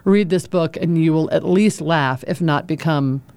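A woman's voice: deep voice, a little slow, a little mellow, smooth. Woman library guest on radio, chatty, laughs easily, casual book talk. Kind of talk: casual on-air book recommendations. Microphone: studio microphone.

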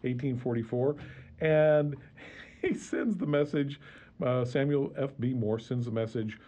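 Man, radio history guest, chuckling, halting, dull lo-fi sound. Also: mid-range voice, dark tone. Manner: chuckling, halting with many fillers. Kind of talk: casual radio chat.

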